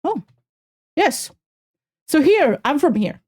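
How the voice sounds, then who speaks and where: A woman streamer chatting casually with her viewers while reacting to a video, animated and self-mocking, with a slight Swedish accent. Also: mid-range voice, a little slow. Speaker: VTuber streamer.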